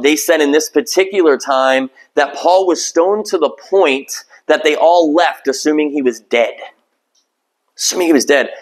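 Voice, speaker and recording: A pastor preaching a sermon in a conversational, self-deprecating way, acting out little quoted voices along the way. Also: male voice, mid-range voice, poor audio.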